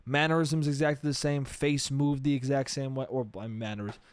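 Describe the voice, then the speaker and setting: A man's voice: mid-range voice, fairly even intonation, a little fast, clear, resonant tone, no echo, studio quality. A man from New York State hosting a solo podcast, rambling, swearing and laughing at himself. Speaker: podcast host.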